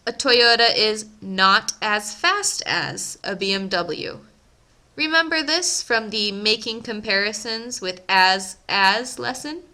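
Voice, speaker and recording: A young woman gives a grammar lesson in a bright, clear voice, pitched a little high. She speaks very slowly and enunciates every word carefully, as if for learners. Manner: slow, carefully enunciated teaching voice. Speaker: ESL teacher.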